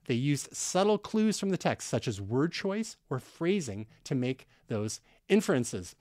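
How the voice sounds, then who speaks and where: A man's voice: mid-range voice, big pitch swings, a little slow, darkish tone, dry recording, clean studio sound. A man from Canada co-hosting a tech podcast, explaining news in a casual, conversational way with fillers and restarts. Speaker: podcast co-host.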